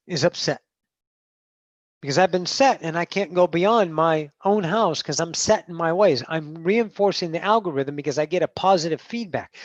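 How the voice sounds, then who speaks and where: A woman's voice: fairly low pitch, no room sound. Woman channeler, profane and emphatic teaching style, dull dry video call audio. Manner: addresses listeners as masters.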